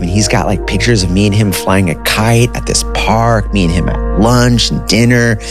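A man in his thirties casually telling a personal story, with a conversational manner full of "like" and "dude". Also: low-pitched. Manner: conversational, uses filler like "like" and "dude".

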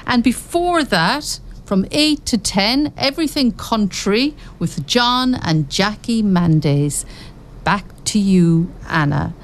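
Slow-talking woman radio host. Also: medium pitch, expressive, slight background noise. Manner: chatty, self-correcting. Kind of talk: radio show presenting.

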